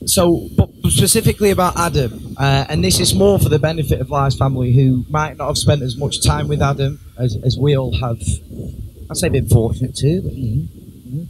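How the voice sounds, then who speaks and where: A man giving a best man's speech at a wedding reception, joking and teasing the guests with lots of pauses and ums. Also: a little high. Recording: clear background noise.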